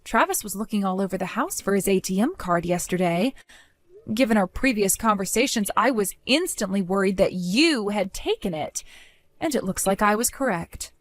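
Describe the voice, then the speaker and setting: With a medium-pitched voice close to how she'd normally talk, an actress portrays a composed young woman standing up for her savings. The delivery in this story drama is steady, firm, and clearly articulated.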